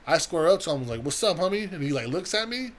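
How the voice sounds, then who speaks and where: Young male podcast co-host, fast and profane, slightly high voice, acts out the quotes. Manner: profane, animated storytelling with acted-out quotes. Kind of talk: casual storytelling.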